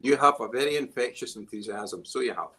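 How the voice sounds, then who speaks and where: A man's voice: mid-range voice, fairly quick, crowd noise. A Scottish man who is a musical guest on a talk show, chatting with dry, wry humour. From Scotland. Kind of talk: casual chat.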